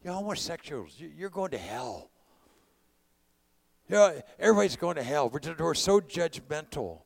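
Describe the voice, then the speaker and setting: A man's voice: a little high, very animated, moderate pace, vocal fry. A man from California preaching a sermon, mixing conversational storytelling with impassioned calls to his congregation. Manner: preaching with rising bursts of volume.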